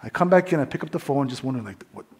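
A young man preaching his testimony, swinging between hushed whispers and loud fervent bursts. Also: medium pitch, expressive, racing. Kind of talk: testimony sermon.

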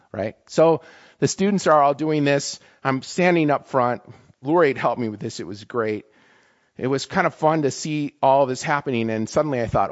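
A man's voice: mid-range voice, moderate pace, highs cut off. A man in campus ministry giving a conversational, emotional sermon, often asking "right?". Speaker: campus ministry staff speaker. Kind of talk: casual sermon talk.

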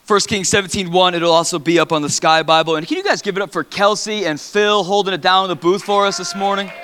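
A man's voice: high voice, steady tone, fast talker, sharp tone, smooth. A man preaching in a large church hall, reading scripture dramatically with playful asides. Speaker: pastor.

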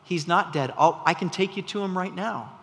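A preacher doing a wise old mystic monkey. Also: male voice, high-pitched, normal speed, fairly bright tone. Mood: knowing. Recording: long reverb from a large hall.

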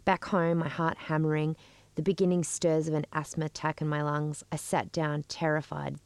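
A middle-aged woman telling a personal story in a measured, wry way. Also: low-pitched, level tone, clear, resonant tone, no room sound. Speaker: storyteller and podcast co-host.

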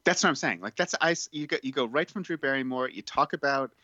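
A man's voice: medium pitch, fast talker, bright, forceful tone, dry recording, lo-fi sound. A man co-hosting a casual podcast, talking about a movie in a chatty way, full of fillers. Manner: chatty, filler-heavy, reading from notes. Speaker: podcast co-host. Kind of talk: casual film review chat.

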